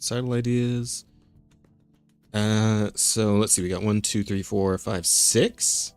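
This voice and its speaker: A man's voice: fairly low pitch, flat delivery, takes it slowly, darkish tone, smooth. Male podcast co-host, casual and joking, trips over words, faint music underneath. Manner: loose, joking, laughs often, stumbles over words.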